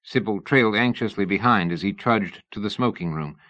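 A man narrating a novel in a measured storytelling manner. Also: lowish voice, sharp tone. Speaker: audiobook narrator. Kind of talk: scripted narration.

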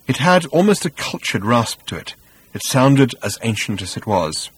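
A man reading a comic science-fiction audiobook in a wry, measured style. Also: mid-range voice, big pitch swings, slightly rough. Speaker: audiobook narrator. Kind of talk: scripted narration.

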